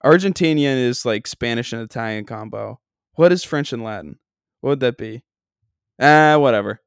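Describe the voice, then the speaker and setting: A Long Island man spins a casual, rambling story, full of fillers and jokes at his own expense. His voice is smooth and resonant, at a middling pitch. The sound is dry and close, with no room around it. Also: normal speed, no room sound. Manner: rambling, self-deprecating, lots of fillers. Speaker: comedian podcast host.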